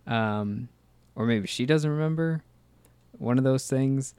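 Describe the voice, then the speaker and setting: A man in the middle of an easygoing movie commentary chat, his voice sitting at an ordinary pitch. He wanders through his thoughts with frequent fillers, pauses and restarts. The sound is close and dry, with no room echo. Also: a little mellow, smooth. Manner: rambling, hesitant, lots of fillers and restarts. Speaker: podcast co-host.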